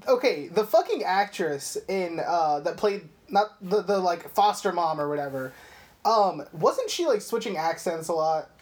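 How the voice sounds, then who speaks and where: A young man co-hosts a casual film podcast, rambling through a movie recap in animated storytelling peppered with lots of swearing. His voice is high and he speaks unhurriedly.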